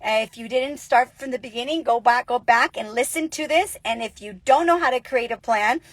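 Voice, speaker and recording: A woman giving an energetic, chatty motivational talk as a business coach, telling stories with lots of animation. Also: on the high side, brisk, no echo. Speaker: network marketing coach. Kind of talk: motivational casual vlog.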